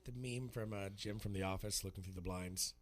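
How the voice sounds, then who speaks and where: A man co-hosting a sports talk radio show, reading items briskly and chatting casually. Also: deep voice, fairly even intonation. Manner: brisk, reads items quickly. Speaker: radio co-host.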